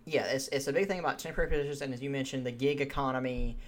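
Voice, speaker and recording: A man's voice: medium pitch, fairly even intonation, very fast. Male podcast co-host, mid voice, laid-back and hesitant, casual chat.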